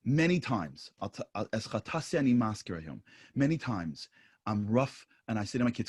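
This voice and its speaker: Animated husky man on a panel. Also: medium pitch, fast. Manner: animated, emphatic, drops to soft asides. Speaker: panel speaker. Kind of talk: impassioned panel talk.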